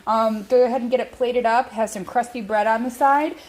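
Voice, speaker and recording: A woman's voice: fairly high pitch, fairly even intonation, fairly quick, darkish tone, low-quality recording. A young woman chatting casually as she cooks and hosts her own vlog, rambling a little with plenty of ums. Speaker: home cook and channel host. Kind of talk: casual cooking vlog chat.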